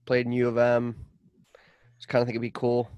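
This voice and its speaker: A man's voice: medium pitch, completely flat delivery, a little mellow, smooth, dry recording, highs cut off. Rambling male podcast co-host, dry sound. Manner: loose and rambling, quick bursts, goofy asides. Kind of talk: casual sports podcast chat.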